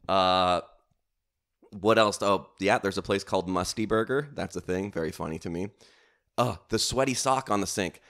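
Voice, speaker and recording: A man's voice: low voice, normal speed, a bit bright. A man hosting a comedy podcast alone, telling stories in a casual, rambling way full of swearing, fillers and self-mockery. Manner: swearing, self-mocking storytelling with lots of fillers.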